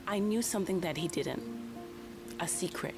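An actress voicing a weary middle-aged mother in a video game, stranded with a flat tire and talking in a folksy, wry way. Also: on the low side, normal speed, music in the background, natural voice. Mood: sad.

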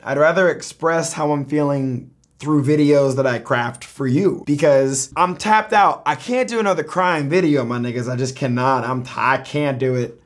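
A YouTuber speaks straight to camera in a casual confessional vlog. He's animated and profane, swinging between loud outbursts and low mutters.

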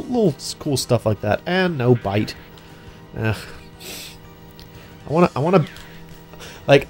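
Chatty young man narrating gameplay. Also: medium pitch. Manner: chatty, excitable, many restarts and fillers. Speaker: let's play host. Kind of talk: casual gameplay commentary.

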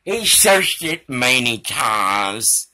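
Man, vlogger, rambling and profane, unhurried delivery, sharp bright tone, phone camera. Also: mid-range voice, sing-song. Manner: rambling and profane, drifting between topics. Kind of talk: rambling casual monologue to camera.

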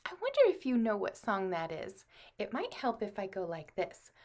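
A woman music teacher leading a children's lesson, speaking slowly and encouragingly to the kids. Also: medium pitch, wildly swooping pitch. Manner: slow, encouraging, addresses children.

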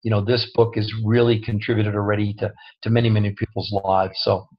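A man with a lowish, level voice speaks a little fast as a guest co-author on an online call. The audio is dull and lo-fi; his casual remarks are earnest, humble, and marked by many restarts.

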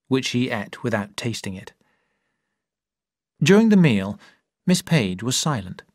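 A man narrating a story slowly and clearly for English learners. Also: mid-range voice, no echo, studio quality. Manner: clear, deliberate reading.

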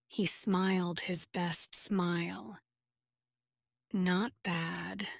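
Slow, dry-voiced woman reading a story. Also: medium pitch, no room sound. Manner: slow, carefully clear reading for learners. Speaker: narrator. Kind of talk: graded reader story narration.

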